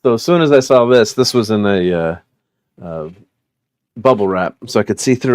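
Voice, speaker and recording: Middle-aged male toy collector, slightly low voice, loose rambling delivery full of "uh"s and chuckles; portable mic. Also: moderate pace, clean tone. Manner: rambling, many fillers, chuckling. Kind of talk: casual unboxing chat.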